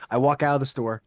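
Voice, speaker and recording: A man's voice: medium pitch, dry recording. Young male podcast co-host, casual storyteller, acts out dialogue, dry close mic. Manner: animated storyteller acting out quotes, swearing.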